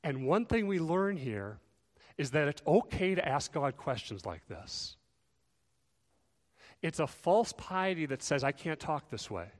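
A man preaching to his congregation, fairly high in pitch, earnest and urgent. He pushes his voice up for emphasis and then drops it low. The sound rings with the long reverb of a large hall. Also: sing-song, measured pace. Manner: earnest, rises and falls in volume for emphasis. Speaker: pastor. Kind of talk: sermon.

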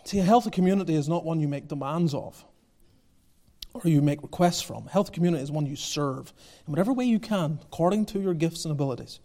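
A man preaching a sermon as pastor, swinging from low, quiet lines to loud, near-shouted ones and repeating phrases for emphasis. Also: fast talker. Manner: passionate, rising to near-shouting then dropping low.

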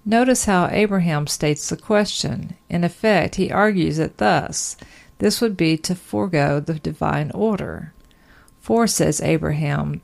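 A woman's voice: fairly low pitch, a little slow, gravelly, a little mellow. A woman reading an old-fashioned sermon aloud, earnest and emphatic, full of rhetorical questions. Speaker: sermon reader.

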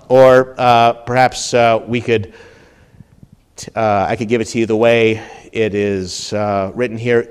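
A male pastor giving a teaching sermon, climbing much higher and louder when he reads quotations and dropping low and quiet on his asides. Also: fairly even intonation, measured pace, clear, resonant tone. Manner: teaching tone, rises sharply when quoting, drops low on asides. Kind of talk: expository sermon.

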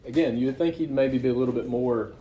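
A man's voice: medium pitch, fast, dark tone. Conversational male preacher in echoey church. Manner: conversational, asks rhetorical questions. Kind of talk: sermon. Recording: echoey room.

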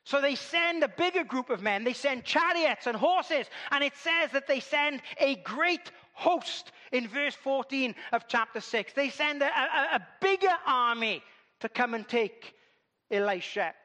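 Man, preacher, sermon, very high bright voice, echoey hall. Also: a little slow. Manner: animated storytelling, acts out voices.

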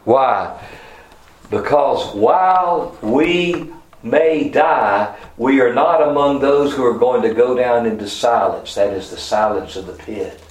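A man preaching a sermon, fervent, his voice swinging from soft, slow passages to loud, rising emphasis. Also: medium pitch, fairly even intonation. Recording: echoey room with faint ambience.

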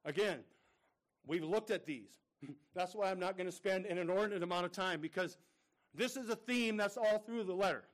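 A man's voice: high-pitched, moderate pace. A middle-aged male pastor preaching a sermon, earnest and full of rhetorical questions, calling his listeners brethren.

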